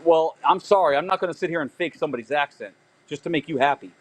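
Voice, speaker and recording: A man's voice: on the high side, quick pace. A man calling into a talk show, defensive and exasperated, swearing as he pushes back. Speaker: caller. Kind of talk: heated call-in argument.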